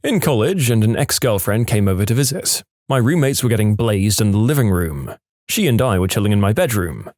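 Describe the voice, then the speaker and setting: Man, low voice, lively storytelling, funny reddit stories, dry close mic. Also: a little fast, dry recording. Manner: lively storytelling, acts out quotes, wry asides. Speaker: storytime narrator.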